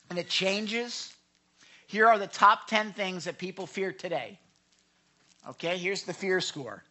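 A man preaching a sermon as pastor, emphatic and swinging between loud and hushed delivery. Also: sits high.

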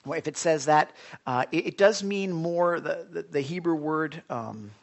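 Earnest preacher man, hushed asides. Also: fairly high pitch, unhurried, vocal fry. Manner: earnest, lots of restarts, drops to a whisper for emphasis. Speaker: preacher speaking to young listeners. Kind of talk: sermon.

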